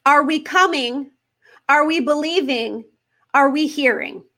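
A woman hosting a faith podcast, talking earnestly to her listeners and leaning on slow, emphatic questions. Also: high-pitched, sharp tone. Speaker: podcast host.

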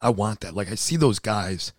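Man in his 30s, deep-voiced and hoarse, casual podcast co-host, earnest and emotional, dry close sound. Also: lively intonation, moderate pace, no room sound. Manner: earnest and emotional, swears freely. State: hoarse, voice nearly gone. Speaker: podcast co-host, CrossFit athlete. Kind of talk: casual chat.

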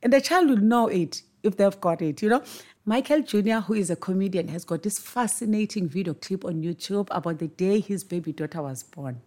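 A woman's voice: medium pitch, a little fast, darkish tone. A woman hosting a podcast, speaking in an earnest, emphatic monologue and repeating words for stress. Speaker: podcast host. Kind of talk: reflective monologue on parenting.

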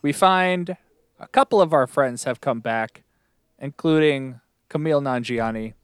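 A man co-hosting a podcast in a relaxed, chatty way. His voice is smooth and resonant, and the recording is close and dry. He rambles happily and trips over names now and then. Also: medium pitch, a little slow, no echo. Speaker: podcast co-host. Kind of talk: casual chat about a TV show.

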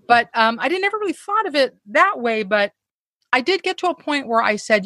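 A woman's voice: medium pitch, sing-song, brisk, pushed and bright, no room sound, studio quality. A woman guest telling candid, self-deprecating stories in conversation, with frequent profanity.

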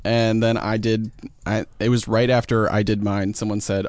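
A man's voice: fairly low pitch, little pitch movement, moderate pace, darkish tone, no room sound. A man guesting on a podcast as an automotive journalist, chatty and casually profane.

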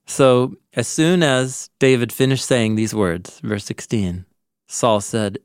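A man co-hosting a podcast, casually walking through a Bible story and acting out its lines with animated delivery. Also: mid-range voice, takes it slowly, clear, resonant tone, dry recording, clean studio sound. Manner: animated storyteller, acts out quoted lines with laughs. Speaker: podcast co-host, Bible teacher. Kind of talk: casual conversational Bible discussion.

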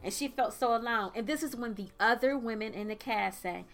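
A woman with a fairly high voice co-hosts a casual conversation. She recaps events with animated energy and slips into quoted voices as she tells the story. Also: fairly quick, soft background music. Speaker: podcast co-host. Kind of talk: casual chat, recapping a reality show.

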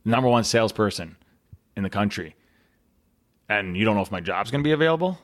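Male guest, low register, earnest storyteller who repeats words and pauses for weight. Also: lively intonation. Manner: earnest, dramatic pauses and repetition. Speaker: podcast guest. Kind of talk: storytelling interview answer.

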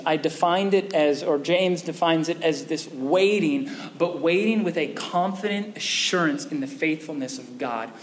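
A male pastor preaching a sermon in a conversational way, often asking the congregation questions. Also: fairly high pitch. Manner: conversational, asks the audience questions. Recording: echoey hall with faint noise.

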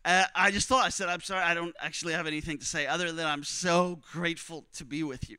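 A young man preaching, telling a missionary story with strong emotion, often dropping to a hush for other people's words. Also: on the high side, steady tone, fast talker, smooth, no echo. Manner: emotional, quotes others in hushed voices. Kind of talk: sermon storytelling.

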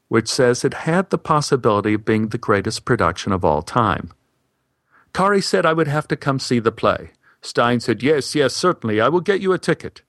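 A man narrating a funny personal story with wry, deadpan timing. His voice sits at an ordinary pitch, and the recording is dry and close, with no room echo. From United States. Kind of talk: comic storytelling monologue.

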